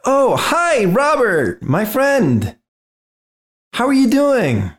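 A man's voice: very high-pitched, huge pitch swings, drawn-out words, pitched above the performer's own voice, exaggerated voice. A man voicing a sly robed stranger who is falsely friendly and makes veiled threats.

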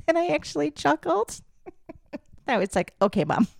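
A woman's voice: high voice, gravelly, darkish tone, dry recording. A young adult woman hosting a podcast, telling a personal story candidly, swearing freely and acting out what people said. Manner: candid, swears freely, acts out quoted voices. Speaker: podcast host.

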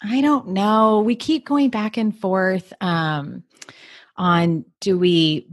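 A woman's voice: medium pitch, fairly even intonation, slow pace, no room sound, clean studio sound. Easygoing woman podcast co-host. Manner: upbeat, easygoing, laughs often. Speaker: mother. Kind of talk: casual chat.

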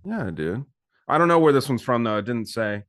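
A man's voice: medium pitch, brisk, dry recording. A man with a mid-range voice chats casually on a podcast. He jokes around and talks loosely as he shows off bottles. The sound is dry and close. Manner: relaxed, joking, reviewing beers on camera. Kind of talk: casual chat.

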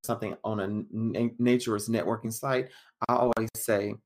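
A man as an interview guest, giving measured, plainspoken answers that he lays out point by point. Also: on the low side, steady tone. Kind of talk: casual interview chat.

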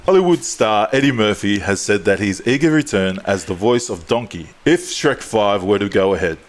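A man's voice: on the low side, expressive, moderate pace. A man co-hosting a podcast, reading joke news and teasing his co-host, laughing often.

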